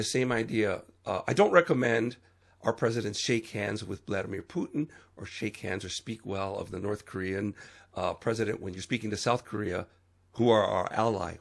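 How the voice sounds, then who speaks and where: A man speaks his mind on his own podcast, earnest and preachy, his voice jumping up now and then to stress a point. The tone has a gravelly fry to it and a husky edge. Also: lowish voice. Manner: earnest and preachy, with sudden emphatic rises and trailing fillers. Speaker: podcast host. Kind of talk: solo opinion podcast monologue.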